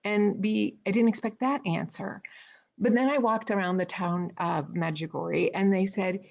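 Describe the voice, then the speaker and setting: A middle-aged woman talks straight to her viewers in a relaxed, storytelling way, full of fillers and restarts. Her voice has a gravelly, fried texture. The sound is slightly dull and lo-fi. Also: mid-range voice, normal speed. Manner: chatty, with frequent fillers and restarts. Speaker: speaker trainer hosting a weekly live video. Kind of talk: casual spoken storytelling.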